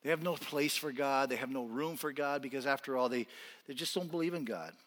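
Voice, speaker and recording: A man's voice: mid-range voice, brisk, slight background noise. Impassioned male pastor in a reverberant church. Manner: impassioned, rising to near-shouting then dropping quiet. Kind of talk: sermon. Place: church sanctuary.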